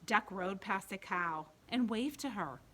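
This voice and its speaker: A woman reading a picture book aloud at a library storytime for young children, pausing to ask them questions. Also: mid-range voice, lively intonation, slight background noise. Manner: gentle, asks children questions while reading. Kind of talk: bedtime storytime read-aloud. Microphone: home video recording.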